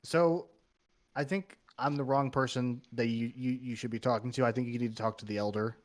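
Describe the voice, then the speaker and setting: A man's voice: medium pitch, steady tone, close to an everyday voice. A man doing a hesitant bird-folk villager. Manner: hesitant, halting.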